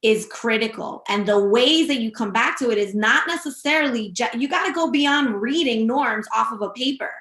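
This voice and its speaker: Bright-voiced woman host, roomy sound. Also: on the high side, normal speed, few pauses. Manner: emphatic, summarizing and prompting the guest. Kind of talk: casual leadership chat. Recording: roomy echo.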